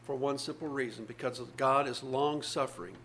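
A man's voice: medium pitch, fairly even intonation, normal speed, fairly bright tone, slight background noise. A man, probably older, preaching a sermon, reading scripture aloud and explaining it earnestly with repeated phrases.

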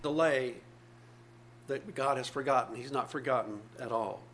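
A man's voice: medium pitch, moderate pace, fairly bright tone. A man, probably older, preaching a sermon, reading scripture aloud and explaining it earnestly with repeated phrases.

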